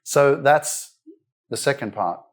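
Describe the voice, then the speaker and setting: A man's voice: medium pitch, expressive, takes it slowly. A man in his thirties giving a blunt, emphatic live motivational speech at a wellness centre event, swearing freely as he pushes his audience. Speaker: motivational speaker.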